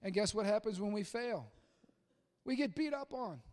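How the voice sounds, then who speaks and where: A man preaching a sermon in an animated way, acting out the voices of Bible figures and shouting at the high points. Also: normal speed, big-room sound. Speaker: pastor.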